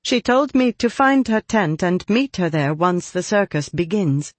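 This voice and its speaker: A man's voice: high-pitched, lively intonation, no room sound, pitched above the performer's own voice. Man playing a prim, learned young woman. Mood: composed. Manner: formal, measured, no contractions.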